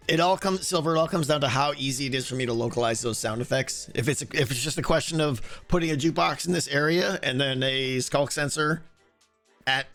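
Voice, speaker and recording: A man streaming a game, chatting casually with viewers and thinking aloud, with a hoarse voice and many restarts. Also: mid-range voice, a bit bright. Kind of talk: casual livestream chat answering viewers.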